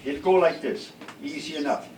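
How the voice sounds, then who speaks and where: A man's voice: a little high, normal speed, darkish tone. Older man teaching, heard from a distance. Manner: patient, checks in with listeners. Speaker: language teacher. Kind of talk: classroom language lesson. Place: classroom with students. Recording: distant mic, faint room noise.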